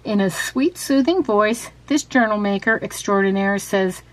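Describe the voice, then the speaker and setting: A woman's voice: medium pitch, a little slow. A woman chatting casually about her handmade journal, with frequent ums and restarts, then reading out quiz questions. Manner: reads quiz questions aloud. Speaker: craft vlogger. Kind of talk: casual show-and-tell and quiz.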